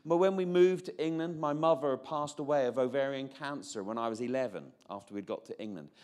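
This fifties-aged Northern Irish preacher shares a personal testimony in a mid-range, slightly mellow voice at a fairly quick clip. His delivery is chatty and self-interrupting, with restarts and jokey asides.

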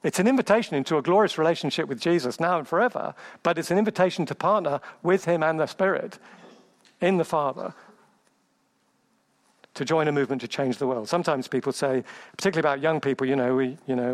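Emphatic male preacher, fairly high voice. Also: fast talker. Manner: emphatic, rhetorical questions, builds through lists. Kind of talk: sermon.

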